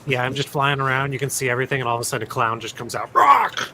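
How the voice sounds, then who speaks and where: A man's voice: medium pitch, flat delivery, rapid-fire, background noise. A man co-hosting a casual live-streamed drone chat, laid-back and explaining his ideas step by step. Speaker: co-host.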